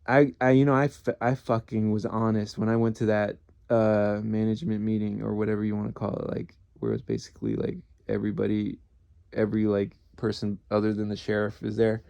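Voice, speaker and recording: His voice runs lowish, brisk, creaky and mellow, with no room sound in the dry recording. He's a man in his thirties who used to be a police officer, chatting casually through rambling, profane, self-deprecating stories full of restarts.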